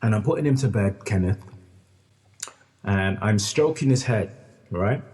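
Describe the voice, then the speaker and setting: A man's voice: fairly low pitch, unhurried, a little mellow. A man telling a personal story earnestly as a podcast guest, often repeating phrases and addressing the host by name. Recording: long hall reverb.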